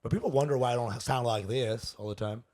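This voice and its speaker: A man's voice: medium pitch, quick pace, a little mellow. A man from Dallas co-hosting a podcast, joking, swearing and teasing in casual chat. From Dallas, USA. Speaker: podcast co-host.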